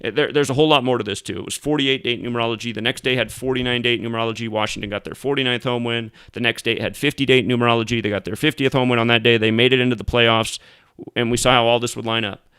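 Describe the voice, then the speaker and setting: Profane, ranting man with a smooth voice. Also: medium pitch, fairly even intonation, fast talker, fairly bright tone, no echo. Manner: profane, angry, mocking outbursts. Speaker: host. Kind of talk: ranting commentary monologue.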